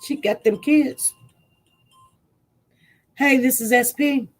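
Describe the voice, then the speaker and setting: A woman hosting a casual online talk show, chatting relaxed with a caller. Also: high-pitched, takes it slowly. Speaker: host.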